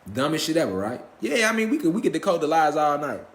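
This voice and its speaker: A man's voice: fairly high pitch, very animated, fast talker, echoey room. A man giving a spiritual lecture to a live class, emphatic and profane, firing rhetorical questions and answering them himself. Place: lecture room with a live audience.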